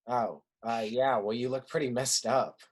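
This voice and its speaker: A woman's voice: a bass voice, steady tone, measured pace, husky, heavily acted. An actress playing a hesitant, dry young man in a staged reading over a video call. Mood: awkward, needling. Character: awkward young man, mild and sarcastic.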